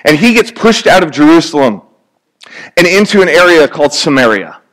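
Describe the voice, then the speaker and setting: A man's voice: fairly high pitch, big pitch swings, brisk, fairly bright tone. Man preaching a chatty sermon. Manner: conversational, joking, acts out little scenes.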